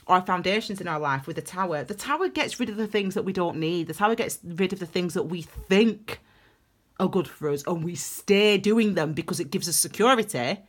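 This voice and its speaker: A woman's voice: fairly low pitch, expressive, fairly quick, husky. A woman giving a casual tarot reading, chatty and rambling, laughing often. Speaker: tarot reader.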